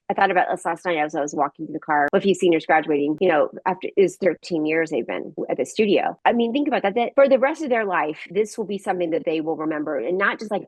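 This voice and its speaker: A woman's voice: on the low side, breathy edge, dry recording. A woman hosting a podcast, talking casually and encouragingly and asking follow-up questions. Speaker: podcast host.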